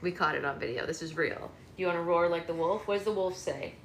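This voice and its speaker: A woman's voice: on the low side, fast talker, gravelly, slight background noise. A woman hosting a live book-club read-aloud at home, reading and chatting playfully with her toddler. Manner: playful, coaxing baby-talk. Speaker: book club host and mother. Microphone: phone livestream. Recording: roomy room echo.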